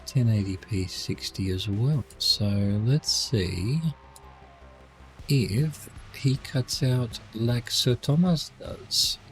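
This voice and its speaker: A man's voice: mid-range voice, drawn-out words, soft background music. A man giving casual, rambling commentary while streaming a driving game. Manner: rambling, chatty asides.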